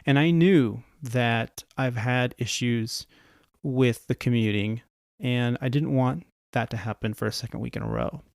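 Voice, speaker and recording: He flies for an airline and hosts a podcast, and here he's casually telling stories, performing the voices of the other characters. His delivery is unhurried and gravelly at a mid-range pitch, recorded in studio quality without room sound.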